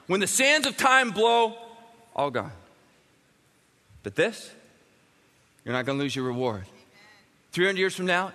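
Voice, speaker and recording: A man preaching a sermon as a pastor, emphatic and animated, swinging from loud bursts to quiet, intimate lines. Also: high-pitched. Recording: long reverb of a large hall.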